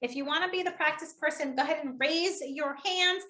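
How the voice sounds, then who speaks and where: Woman, public speaking trainer, high bright voice, upbeat, encouraging, laughs a lot, video call. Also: a little fast. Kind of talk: live online workshop.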